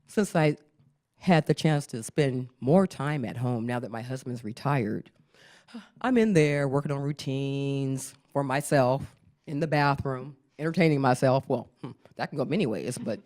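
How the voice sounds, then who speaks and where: A woman's voice: extremely low pitch, measured pace. A middle-aged woman doing a stand-up comedy routine, telling stories animatedly and laughing often. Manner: animated storytelling, acts out voices, laughs often. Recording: live show with audience behind.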